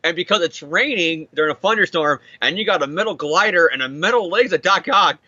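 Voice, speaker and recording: A young man recapping a comic book issue in casual chat, animated and swearing as he acts out the characters. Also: high voice, brisk, no room sound, muffled recording. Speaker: comic podcast co-host.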